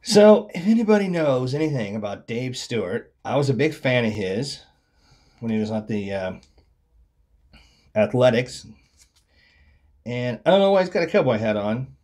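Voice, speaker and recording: A man's voice: medium pitch, expressive, moderate pace, pauses often, a little mellow. Wry man mocking baseball cards. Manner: wry, mocking, trails off with mumbled asides. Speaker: card collector showing his cards. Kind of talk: casual commentary on baseball cards.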